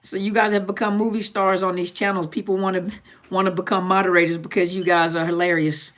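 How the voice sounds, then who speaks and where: A woman's voice: on the low side, flat delivery, fairly quick. A woman therapist hosting a live-stream Q&A in a casual, joking tone, often repeating herself and laughing. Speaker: therapist and channel host.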